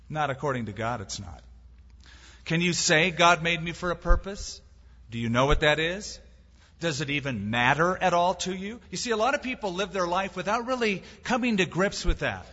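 A man's voice: fairly high pitch, expressive, normal speed, pushed and bright. A man preaching a sermon with emphasis, using rhetorical questions and quoting scripture. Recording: long hall reverb, dull lo-fi sound.

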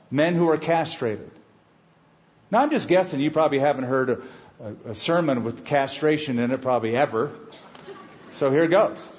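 A man preaching a sermon, reading scripture slowly and with weight, then breaking into conversational asides to the congregation. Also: on the high side, darkish tone, dull audio. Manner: expository preaching, reads scripture slowly and emphatically. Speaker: pastor.

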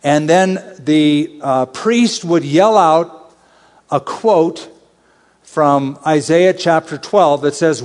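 A man's voice: fairly high pitch, takes it slowly, a little mellow. Man preaching emphatically in a reverberant hall. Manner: emphatic, conversational preaching with rising exhortations. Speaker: Bible teacher. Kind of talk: expository sermon.

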